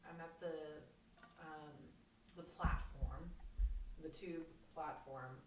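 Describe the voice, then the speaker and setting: A woman guest on a podcast, telling a story in an animated, rambling way with many restarts, recorded in a home kitchen. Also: sits low, takes it slowly, very noisy. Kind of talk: casual chat, storytelling. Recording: roomy kitchen, distant mic.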